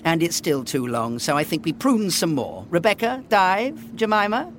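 A man's voice: fairly high pitch, big pitch swings, normal speed, fairly bright tone. A man bosses a voice actor through take after take with sarcastic pomp. His voice rises and falls a lot, and a faint hiss sits behind him in the studio. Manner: pompous, bossy, sarcastic. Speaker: ad director. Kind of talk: comic studio direction. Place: recording studio.

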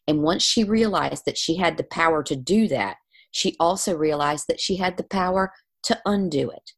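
Woman, gravelly low voice, lively storyteller who plays out the other voices. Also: normal speed. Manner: animated, acts out quoted voices. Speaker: guest, spiritual healer. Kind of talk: storytelling in conversation.

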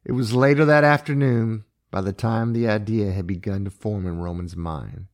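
Male storyteller, low gravelly voice, steady narration. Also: normal speed. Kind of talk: audiobook-style story narration.

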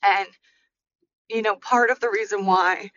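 A woman's voice: mid-range voice, fairly even intonation, measured pace, fairly bright tone, highs cut off. An American woman hosting a podcast while driving, talking earnestly and reflectively with many fillers, near tears. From United States. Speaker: podcast host. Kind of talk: casual solo podcast monologue.

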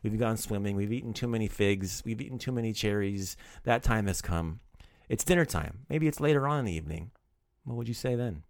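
A man's voice: on the low side, fairly quick, no echo, studio quality. A man teaching a casual podcast language lesson, upbeat and playfully teasing his student.

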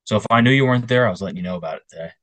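A young adult male co-hosts a casual podcast, animatedly telling stories and putting on other people's voices. His voice is on the low side and rapid-fire, with no echo.

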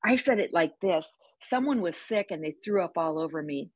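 A woman talking on a podcast with a husky, slightly low voice. She speaks with energy and emphasis, plainspoken and fond of vivid sayings. The sound is dull and dry. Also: expressive, normal speed, dry recording. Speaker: podcast guest. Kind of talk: conversational interview.

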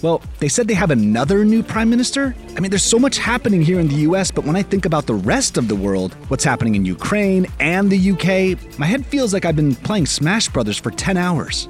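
A man's voice: high voice, big pitch swings, brisk. A man co-hosting a news show, joking playfully with his co-host, with faint music behind him. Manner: playful, jokey. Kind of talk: scripted news banter.

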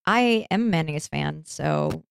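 A woman's voice: sits low, huge pitch swings, measured pace, vocal fry, clear, resonant tone, dry recording, clean studio sound. A woman co-hosting a casual podcast, playful, laughing and frank. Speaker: podcast co-host. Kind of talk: casual chat.

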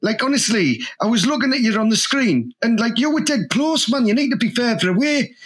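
A Teesside man holds forth in crude comic banter, boastful and forever checking "you know what I mean". His voice sits high and sounds husky. He is heard over a video call. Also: big pitch swings, fairly quick, a bit bright. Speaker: comic co-host in character.

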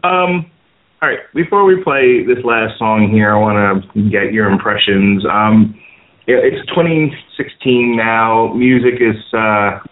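A low-pitched man hosts a casual radio talk show, keeping the conversation moving with quick interjections and laughter. He comes through a narrow, phone-like line.

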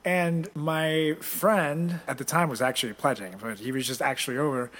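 A man's voice: fairly high pitch, steady tone, moderate pace, a bit bright. A young man with a slightly raised voice tells crude, laid-back stories in casual chat. He swears freely and laughs through his own anecdotes.

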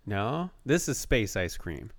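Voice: medium pitch, sing-song, takes it slowly, dry recording. A podcast co-host chatting casually from a basement, laid-back with dry humor. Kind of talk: casual chat.

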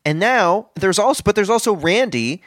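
Comedy co-host, man, mid pitch, swoops a lot, dry close sound, deadpan. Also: moderate pace, no room sound. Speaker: podcast co-host. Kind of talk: improv comedy banter.

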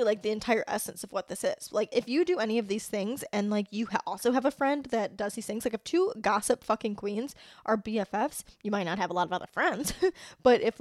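A woman's voice: mid-range voice, darkish tone, no room sound, clean studio sound. A young adult woman hosting a casual solo podcast, talking bluntly with heavy profanity and lots of filler words. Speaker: podcast host.

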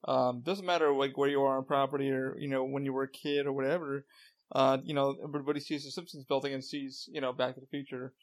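Fast-talking male podcast host. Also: mid-range voice, level tone. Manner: rambling storyteller, many fillers. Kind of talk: casual interview chat.

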